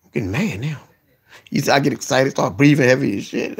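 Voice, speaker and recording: A man hosting a casual livestream, talking to his viewers in a profane, excitable way that swings from low mumbling to sudden yelling. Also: a little fast, gravelly, breathy edge. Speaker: livestream host.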